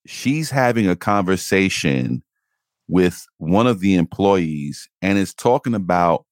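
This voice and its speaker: A man's voice: deep voice, unhurried, dry recording, studio quality. A man, co-hosting a casual podcast chat and telling profane stories. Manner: profane, animated storytelling with put-on voices. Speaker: podcast co-host.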